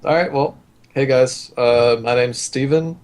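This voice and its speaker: A man introducing himself as game master in a casual voice chat, relaxed and teasing. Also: mid-range voice, measured pace.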